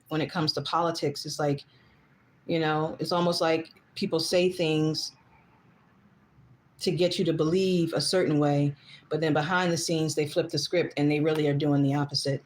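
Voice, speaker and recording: A woman in her thirties with a fairly low voice, talking off the cuff on a livestream. She rambles, reads out comments, and turns emphatic when she vents. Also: fairly even intonation, normal speed, darkish tone, slight background noise. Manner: gets heated and emphatic. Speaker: livestream host. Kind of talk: casual livestream monologue.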